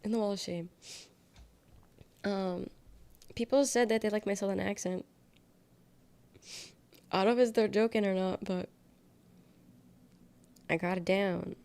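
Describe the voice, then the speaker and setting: A young woman streams live, her voice gravelly with a noticeable fry at mid pitch. She rambles through casual chat and answers viewer comments with sarcastic quips, speaking into a desk mic. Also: steady tone, a little slow, long pauses, darkish tone. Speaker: livestreamer.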